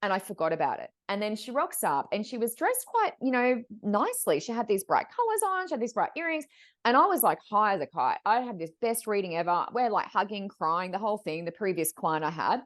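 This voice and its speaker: A woman's voice: mid-range voice, fairly quick. A woman, a psychic medium, telling stories as a podcast guest, acting out the voices of the people in them. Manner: acts out quoted voices, expressive. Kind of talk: animated storytelling. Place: podcast recording.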